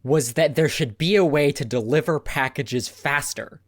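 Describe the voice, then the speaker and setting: A man co-hosting a casual movie review podcast, sarcastic and quick to laugh. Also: on the high side, dry recording, studio quality. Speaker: podcast co-host.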